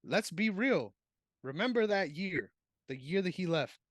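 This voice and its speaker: A man co-hosting a casual sports podcast, animated and laughing, swearing freely. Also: high-pitched, a little slow, no echo, clean studio sound. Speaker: podcast co-host.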